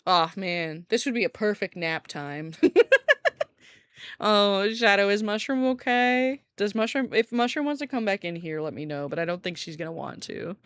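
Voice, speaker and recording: A woman's voice: mid-range voice, normal speed, hardly any pauses, a bit bright, clear, resonant tone, no room sound. A woman streaming live, chatting casually with viewers in a rambling way, laughing often and swearing lightly. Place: room at home by a window. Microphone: desk streaming mic.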